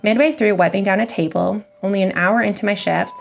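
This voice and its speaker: A woman reading a scary story aloud as its narrator, in a measured, even storytelling manner. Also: medium pitch, creaky, slight background noise. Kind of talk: scripted horror story reading.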